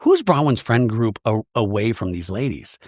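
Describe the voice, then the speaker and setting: A man's voice: fairly low pitch, normal speed, dry recording, studio quality. A man hosting a podcast, chatting through a comedic TV recap and acting out scenes. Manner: chatty, animated, acts out scenes. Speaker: podcast host.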